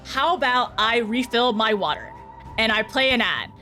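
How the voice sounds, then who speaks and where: A woman's voice: fairly high pitch, animated, normal speed, bright, forceful tone, faint music behind. A young woman streaming a game, chatting casually with her viewers, flustered and often laughing. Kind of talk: casual live-stream chat while gaming.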